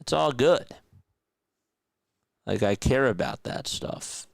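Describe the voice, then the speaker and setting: A young man streaming casual radio-style play-by-play, chatting with viewers in a relaxed way between calls. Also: medium pitch, takes it slowly, vocal fry, dry recording.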